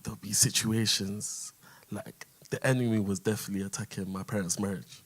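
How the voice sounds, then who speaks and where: A man with a London accent on a church panel, quietly reflecting on childhood memories. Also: on the low side, steady tone, brisk. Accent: London English. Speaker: panel guest. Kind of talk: casual personal testimony.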